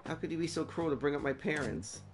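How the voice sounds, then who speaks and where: A man's voice: on the high side, expressive, fast talker, a little hiss or hum. A man voicing a cocky teenage girl who runs a shady shop, talking in a sassy, mocking way. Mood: smug.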